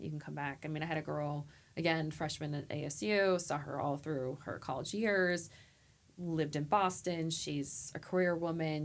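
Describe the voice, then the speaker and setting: Woman, therapist guest, very low pitch, gravelly, heartfelt and animated storytelling. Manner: heartfelt, animated, acts out quoted people. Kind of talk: emotional conversational storytelling.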